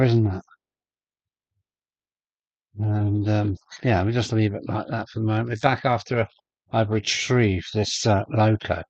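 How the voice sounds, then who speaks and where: A man's voice: fairly low pitch, a little mellow, no echo, muffled recording. A man hosting a live stream from his loft, chatting casually and greeting viewers by name as he goes. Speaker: host of a model railway live stream. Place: home loft with a model railway layout.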